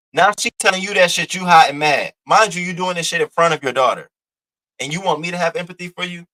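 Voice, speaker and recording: A man's voice: on the high side, a little fast, bright, forceful tone, rough recording. A man giving blunt, profane, mocking reaction commentary, lecturing his viewer in AAVE. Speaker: commentary host.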